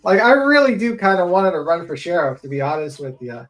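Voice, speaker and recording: A man's voice: sits high, big pitch swings, quick pace, a bit bright, slight background noise, poor audio. Mocking, joking man on a panel. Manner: joking, mocking, laughs often. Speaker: live panel participant. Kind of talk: casual mocking chat.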